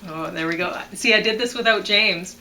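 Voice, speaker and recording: A woman co-hosts a casual song-review show, reading lyric lines and explaining which words should be stressed, with frequent ums in this analytical chat. Her voice is mid-range, bright, and forceful, at a moderate pace, on a rough recording.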